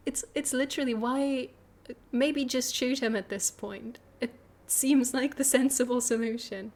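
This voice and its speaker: A woman's voice: sits high, fairly even intonation, takes it slowly, pauses often, darkish tone. A woman streaming a game, chatting casually, laughing and swearing as she plays. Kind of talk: let's play commentary.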